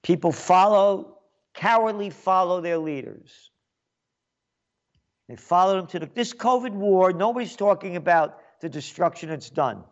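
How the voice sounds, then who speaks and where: Speaking a little slowly in a high voice with the highs cut off, the sarcastic New York host rants through his commentary monologue. He mocks his targets, switching between loud jabs and muttered asides.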